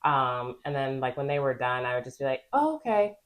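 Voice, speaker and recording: A woman's voice: very deep voice, little pitch movement, fairly quick, a bit bright. A young woman, a nurse co-hosting a casual podcast, chatting with frequent laughs. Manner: laughs often, acts out quoted lines in a raised voice. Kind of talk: casual chat.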